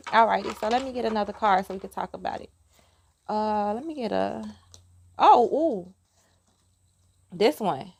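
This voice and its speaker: A talkative woman rambling through a casual outdoor vlog at a mid pitch. She laughs often and drifts off to speak to her child. Steady outdoor noise and clicks run under her voice. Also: normal speed, gravelly, pauses often. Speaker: tarot vlogger. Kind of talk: casual chat to viewers. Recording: noisy outdoor recording.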